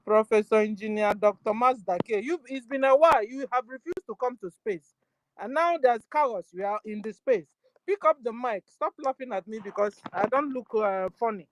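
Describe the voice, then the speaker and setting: A woman hosting a casual live audio chat, forceful and firm, often asking "you understand?". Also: on the high side, normal speed, noisy background. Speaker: host of an online audio space.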